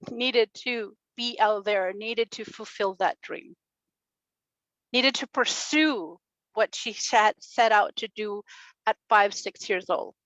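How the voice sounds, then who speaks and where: A woman in her forties speaks on stage, telling a personal story with earnest energy and a fairly high voice. The sound is dry and close, with no room echo. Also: dull audio. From Chile. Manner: earnest, animated storytelling with laughs and acted quotes. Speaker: speaker at a summit, radio and podcast host. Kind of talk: motivational personal talk. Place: stage at a summit.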